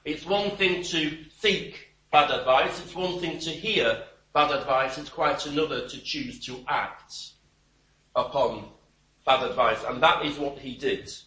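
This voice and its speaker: A man's voice: on the high side, a little slow, bright, forceful tone. A man preaching an expository sermon, with wry, emphatic and scornful asides. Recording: roomy, distant church mic.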